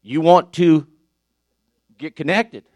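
An older man preaching a sermon, animated and exclaiming with laughter and praise. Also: fairly high pitch, slow pace, a little hiss or hum.

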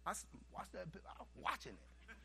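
Preacher guy with a gravelly voice pitched a bit high, telling stories from the pulpit, goes quiet then loud. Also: brisk. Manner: animated, swinging from hushed asides to loud bursts. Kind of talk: storytelling sermon.

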